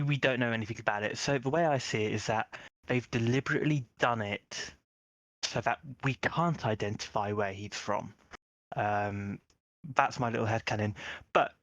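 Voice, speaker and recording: A man's voice: mid-range voice, a bit bright, no echo. A man speaking as a panelist in a casual podcast roundtable, hesitant and filling gaps with ums.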